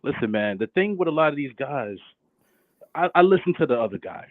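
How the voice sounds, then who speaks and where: A male caller chimes in on a tinny, dry phone line. He rambles in a relaxed way, full of fillers. His pitch moves lively up and down. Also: brisk, no echo. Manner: laid-back, rambling, with frequent fillers. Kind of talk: casual call-in chat.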